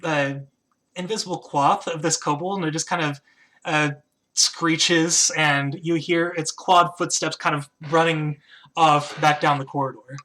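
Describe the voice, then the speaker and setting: A game master narrates a tabletop game in a bright, sharp voice. The telling is casual and hesitant, full of fillers and restarts. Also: mid-range voice, steady tone, measured pace. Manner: hesitant narration with many "uh" and "kind of".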